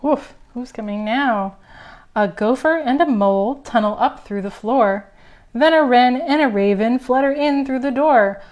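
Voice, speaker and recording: A young woman librarian reads a picture book aloud for preschoolers, speaking slowly and expressively. Her voice sits a bit high, and she keeps turning to ask the children questions. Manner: slow, expressive, talks to little children. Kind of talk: preschool storytime read-aloud.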